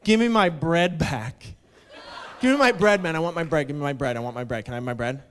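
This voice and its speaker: A man's voice: fairly high pitch, expressive, fairly quick, a bit bright. A man voicing an impatient coffee-shop customer who insistently repeats his demand.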